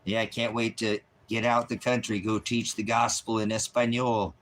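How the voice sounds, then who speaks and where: A deep-voiced American man talks casually on a livestream. His tone swings into soft, cooing baby talk now and then. A faint hiss of background noise sits behind him. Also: little pitch movement, moderate pace, few pauses. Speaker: online preacher.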